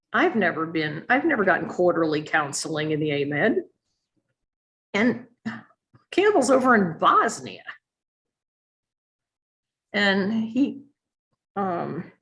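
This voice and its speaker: An older woman, a retired army nurse general, telling candid stories in a virtual talk over a video call, acting out the exchanges she quotes. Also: on the low side. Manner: lively, frank storyteller acting out quoted exchanges.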